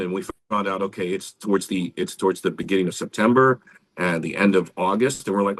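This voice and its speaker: A man, co-hosting a podcast in casual, animated talk. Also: fairly low pitch, a little fast. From Central Florida, US. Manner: animated, swearing, lively storytelling. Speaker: podcast co-host, band member.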